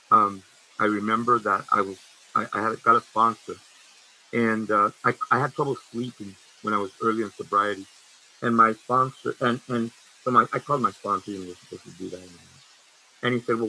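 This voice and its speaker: A man in his sixties giving a frank, halting personal testimony at a meeting, with many restarts. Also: lowish voice, pushed and bright, breathy edge, poor audio. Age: 60s. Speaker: recovery speaker sharing his story.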